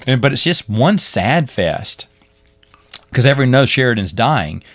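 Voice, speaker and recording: A man's voice: mid-range voice, unhurried, no room sound. Man retelling a show animatedly, dry sound. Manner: rambling, animated retelling with laughs and acted-out quotes. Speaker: podcast co-host. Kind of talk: casual chat recapping a TV series.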